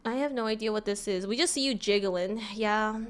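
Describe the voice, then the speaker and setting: This woman's voice sits at medium pitch and moves briskly. She's from California, speaks with a Californian accent, and chats casually on a live stream, giggling and bubbly, frequently stumbling and saying words twice.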